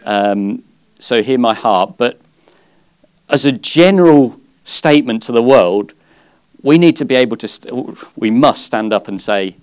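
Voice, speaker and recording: A man preaching a sermon at a church service, earnest and conversational, with gentle humor. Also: mid-range voice, expressive, a little slow, clear, resonant tone.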